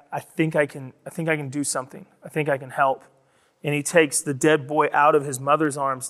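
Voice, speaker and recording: Guy preaching a sermon, slightly high voice, gets loud and emphatic, big echoey hall. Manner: storytelling preacher, rising to loud emphatic delivery. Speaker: pastor. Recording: long hall reverb.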